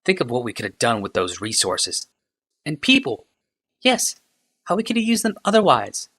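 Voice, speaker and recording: A man reading a novel aloud, voicing a sharp-tongued, uneasy woman who is quick to snap. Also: medium pitch, huge pitch swings, pitched above the performer's own voice. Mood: scornful.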